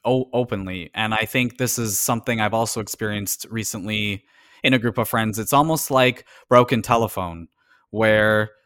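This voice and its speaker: A man's voice: lowish voice, fairly bright tone, no echo, clean studio sound. A man from Canada in casual conversation as a podcast co-host, talking earnestly and reflectively about personal experience.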